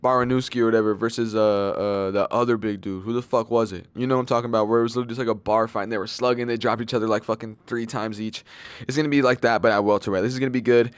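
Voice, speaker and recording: A young man talks through fight predictions in a relaxed, rambling way, dropping slang, fillers and curses. His voice sits on the low side and comes across smooth and clear. The sound is close and dry, with no room echo. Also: rapid-fire. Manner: loose and slangy, full of fillers and swearing. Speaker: MMA fight predictions channel host. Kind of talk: casual rambling commentary.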